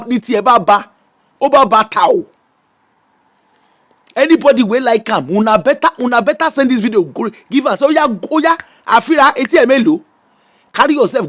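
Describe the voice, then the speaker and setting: A man with a high-pitched voice and a Yoruba-inflected Nigerian accent speaks in casual, animated commentary. He is preachy and emphatic as he hands out advice, slipping between Pidgin and Yoruba. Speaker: social media commentator.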